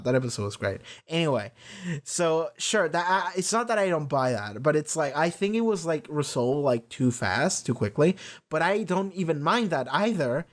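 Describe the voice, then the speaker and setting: A man hosting a reaction video, chatting casually and rambling with frequent swearing and restarts. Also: mid-range voice. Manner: rambling, profane, lots of restarts. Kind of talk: casual rambling episode discussion.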